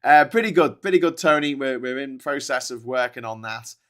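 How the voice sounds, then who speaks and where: A man's voice: mid-range voice, animated, a little fast, fairly bright tone. A man hosting a live news commentary stream, rambling and jokey, often correcting himself. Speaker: show host. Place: seated in his own show chair.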